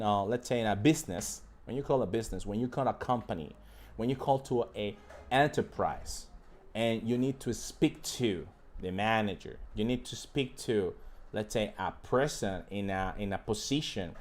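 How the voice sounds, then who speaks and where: A man's voice: fairly low pitch, expressive, normal speed, darkish tone. A man teaching a live online English lesson, talking straight to his viewers and drilling phrases by repeating them. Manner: addresses viewers directly as a group.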